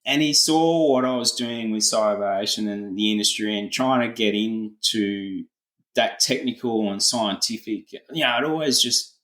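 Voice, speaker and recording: A man's voice: on the low side, normal speed, a bit bright, echoey room, low-quality recording. Middle-aged Australian man spinning a yarn. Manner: laid-back yarn-spinning, broad colloquial slang. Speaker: farmer, podcast guest. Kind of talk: casual storytelling interview.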